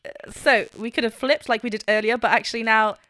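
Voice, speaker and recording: A woman with a fairly high speaking voice talks through a singing performance as a vocal coach. Her tone is enthusiastic and explanatory, with brief sung notes to show a point. The sound is dry and close, with no room echo. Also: fairly even intonation, fast, pushed and bright. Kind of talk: reaction video commentary.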